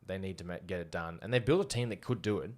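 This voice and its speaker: A man's voice: low-pitched, fast, a little mellow. An Australian man co-hosting a podcast, chatting casually about basketball and confidently making bold predictions. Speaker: podcast co-host. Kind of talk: casual sports chat.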